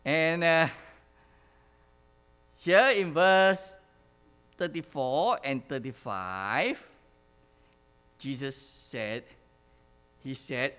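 A man's voice: fairly high pitch, very slow, pauses often, pushed and bright, smooth. A man preaching a sermon who asks the congregation questions, repeats his phrases and chuckles now and then. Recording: long hall reverb.

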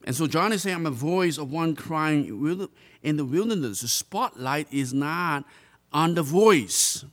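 Earnest male preacher, deliberate emphasis. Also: a little high, animated, fairly bright tone. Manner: earnest, drawn-out emphasis on key phrases; repeats and restarts words while preaching. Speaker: pastor. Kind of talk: sermon.

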